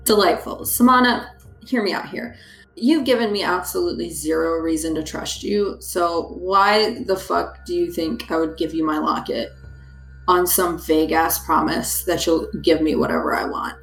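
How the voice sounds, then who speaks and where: A brash male fantasy adventurer with a valley-girl lilt, as a woman puts him on, flippant and mocking. The voice sits a little low. A roomy echo clings to it. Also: fairly even intonation, normal speed, gravelly, fairly bright tone, faint music behind.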